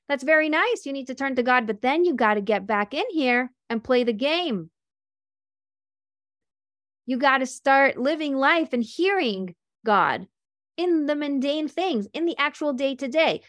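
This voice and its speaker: Chatty storytelling woman coach, high voice. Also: animated, moderate pace, fairly bright tone, dry recording, studio quality. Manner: chatty storytelling, acts out quoted people. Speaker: life and business coach. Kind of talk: faith-based coaching talk.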